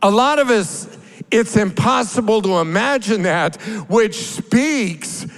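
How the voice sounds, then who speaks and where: A man preaching a sermon as pastor, building from plain explanation to loud, drawn-out cries. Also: high-pitched, animated, poor audio.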